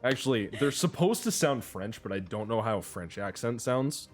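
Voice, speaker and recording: A man's voice: medium pitch, lively intonation, moderate pace. A man narrating as game master, rambling and self-mocking with many fillers. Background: pirate music.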